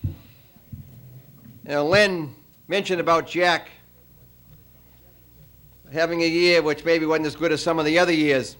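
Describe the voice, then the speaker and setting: A man giving a farewell after-dinner speech, telling a long joke with frequent pauses and fillers. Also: fairly high pitch, steady tone, fairly bright tone. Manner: storytelling, halting with many uh fillers.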